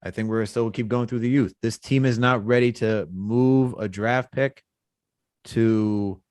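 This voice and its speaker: A male podcast co-host, talking sports in a casual, animated, rambling way. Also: a little slow, no room sound, studio quality. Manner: animated, rambling, jumps in pitch when excited.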